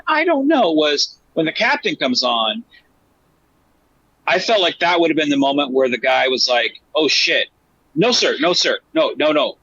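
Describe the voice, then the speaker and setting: A man co-hosting a podcast in casual chat, animated and acting out characters' lines in a raised voice. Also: fairly high pitch, highs cut off. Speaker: podcast co-host.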